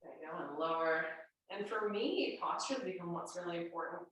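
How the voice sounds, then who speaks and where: A woman's voice: fairly low pitch, a little fast, fairly bright tone. A woman fitness instructor with a congested, nasal voice, giving chatty, reassuring cues through a guided workout. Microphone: camera mic at a distance. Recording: very echoey room, voice far from mic.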